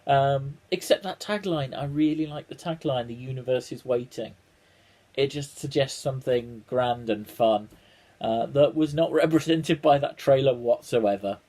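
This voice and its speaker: A man's voice: mid-range voice, moderate pace, hardly any pauses, warm tone. Wry, rambling man vlogging. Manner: rambling, with many ums and restarts, wry and swearing. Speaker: vlogger reacting to a trailer. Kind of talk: casual chat to camera.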